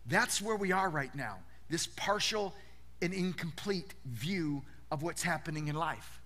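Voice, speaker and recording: A man preaching a sermon as a pastor, animated and conversational, often asking rhetorical questions and repeating words as he goes. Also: a little high, measured pace.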